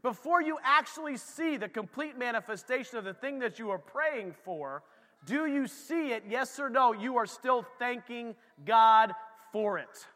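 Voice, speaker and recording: A man preaching a casual sermon as pastor, animated and talking straight to the congregation. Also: very high voice, unhurried, in a large hall.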